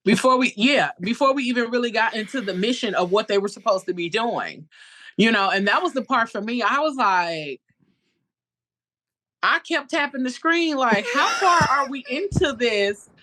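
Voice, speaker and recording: A woman co-hosting a casual film review chat, relaxed and conversational. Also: on the high side, normal speed. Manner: relaxed, conversational, lots of fillers. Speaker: podcast co-host.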